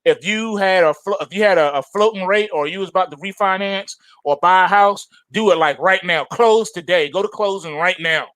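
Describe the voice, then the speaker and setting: A man's voice: sits high, moderate pace, hardly any pauses, no echo. A male trading show host giving emphatic, slangy market commentary to his viewers, insistent and repetitive. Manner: animated and insistent, repeats phrases for emphasis; slangy, addresses viewers as folks.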